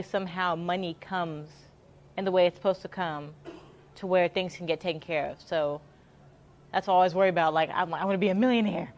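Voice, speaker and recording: A young woman from the Houston area telling a story in casual chat, upbeat and chatty, laughing often and repeating herself. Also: fairly low pitch. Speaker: interviewee in a live stream.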